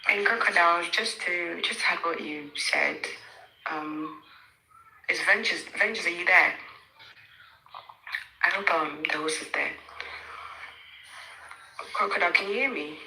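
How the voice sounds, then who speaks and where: A woman talking in a halting, emotional way, with many fillers and restarts, in a casual online discussion. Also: on the low side, sharp tone, a little hiss or hum. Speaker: participant in an online audio room. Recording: echoey with faint music behind.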